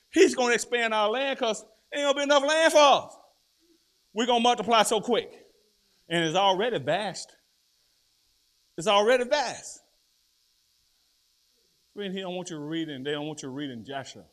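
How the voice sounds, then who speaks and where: Preaching man, loud then low. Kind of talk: sermon.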